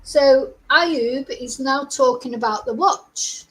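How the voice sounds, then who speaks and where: A woman's voice: sits high, slow, fairly bright tone, poor audio. A middle-aged woman, hosting a chatty live-stream commentary, reading out news and asking her viewers rhetorical questions. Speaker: host.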